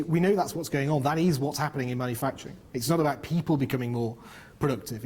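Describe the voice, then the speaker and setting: A man's voice: mid-range voice, a little mellow, slightly rough. Frank, talkative man giving a briefing. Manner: frank and talkative, with frequent fillers. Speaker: head of research presenting a business briefing. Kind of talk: spoken presentation with Q&A answers.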